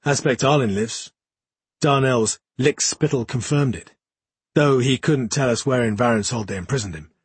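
A brooding young warrior with a dark past, talking tersely with a haunted edge, as a male narrator puts him on. The voice is husky and breathy, at an ordinary male pitch. The recording is close and dry. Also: normal speed, dry recording. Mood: grim. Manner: terse, low, tormented.

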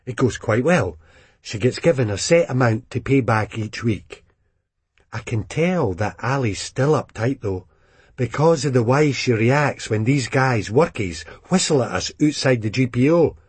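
A man with a Scottish accent reading a first-person story aloud in dialect, lively and expressive. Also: medium pitch, measured pace, slightly rough, no echo. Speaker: reader.

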